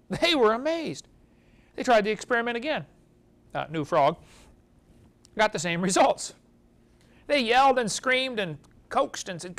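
Male lecturer, higher voice, folksy storyteller who chuckles as he teaches a class. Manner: folksy storytelling, chuckles at his own jokes.

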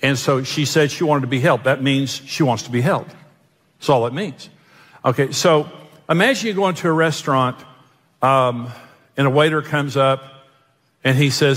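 A man's voice: medium pitch, moderate pace, fairly bright tone. A male pastor preaching a sermon, telling jokes and self-mocking stories. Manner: joking, self-mocking storyteller. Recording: long hall reverb.

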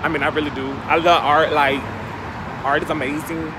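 An upbeat young man chats to his viewers in loose slang as he vlogs through a city. His voice sits fairly high. Traffic and street noise are loud around him. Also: level tone, moderate pace. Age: young adult. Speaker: travel vlogger. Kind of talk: casual vlog chat. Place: outdoors in a city. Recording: noisy outdoor street sound.

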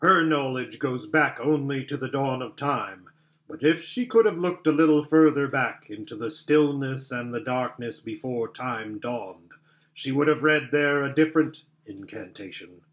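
A man voicing a great, noble lion in a storybook reading, with a measured, solemn delivery. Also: medium pitch, fairly bright tone, close to an everyday voice. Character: great noble male lion, calm and commanding. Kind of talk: audiobook character voice.

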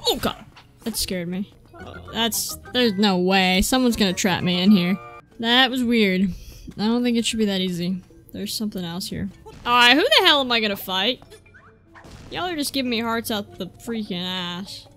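A woman with a mid-range, slightly bright voice narrates her gameplay at a moderate pace, cursing and getting fed up with the on-screen characters as she argues with them. It's laid-back let's-play commentary. Faint music plays behind.

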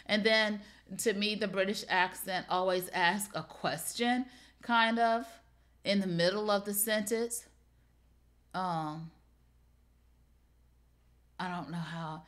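A middle-aged woman hosts a live online sale, joking with viewers between price callouts. Her voice sits at an ordinary middle pitch. She keeps it loose, playful and conversational. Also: steady tone, slow pace, long pauses, fairly bright tone. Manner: playful, talks straight to viewers. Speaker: live shopping show host. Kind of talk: live product pitch, chatty.

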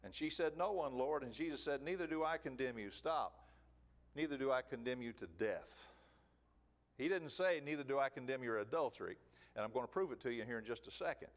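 A man preaching a sermon in an emphatic, animated way, asking rhetorical questions. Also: medium pitch, a little fast.

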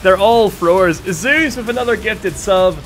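A man commentating a live game stream with excitable energy and a slightly strained voice, thanking viewers as he goes. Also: sits high, unhurried, soft background music.

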